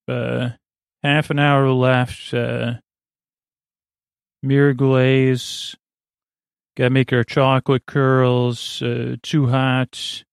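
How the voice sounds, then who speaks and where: Slow gravelly man rambling. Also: mid-range voice, no echo, studio quality. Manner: halting, many fillers and self-corrections. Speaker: podcast host. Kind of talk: slow rambling recap for sleep.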